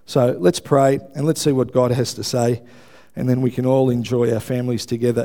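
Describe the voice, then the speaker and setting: A middle-aged Australian man preaching a sermon, telling a story with lively exclamations and frequent "yeah?" tags to his congregation. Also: mid-range voice, fairly quick. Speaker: pastor.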